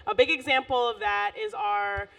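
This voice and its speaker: A woman's voice: high voice, big pitch swings, moderate pace, creaky, fairly bright tone, recorded from a distance. A woman co-hosting a casual chat, loose and chatty, laughing often. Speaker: podcast co-host.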